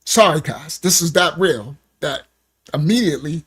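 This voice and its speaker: A ministry speaker tells his personal testimony in casual, slangy speech, earnest and emotional, often checking in with "right?" His voice is a little high, animated and fairly bright, slightly rough, at a moderate pace.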